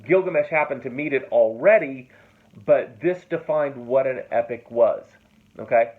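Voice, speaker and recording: A man's voice: mid-range voice, moderate pace. A man teaching a classroom lecture in a loose, conversational way, checking in often with his students. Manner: casual and conversational, checks in with "okay?" and "right?". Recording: tinny phone-like classroom recording.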